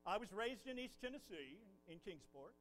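A man's voice: sits high, normal speed, in a large hall, a little hiss or hum, rough recording. A man from Ohio preaching a sermon from the pulpit, telling folksy stories. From Ohio, USA. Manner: folksy storytelling, animated. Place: church pulpit.

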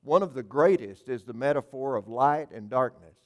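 A man's voice: medium pitch, animated, moderate pace. A man preaching an evening sermon, earnest and emphatic, repeating key phrases with occasional restarts and filler words.

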